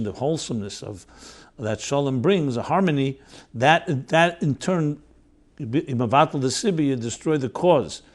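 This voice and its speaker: A man's voice: mid-range voice, darkish tone. A man hosting and teaching, giving an earnest, explanatory religious lecture that mixes in Hebrew terms and explains each one. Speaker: host and teacher of Chassidic thought.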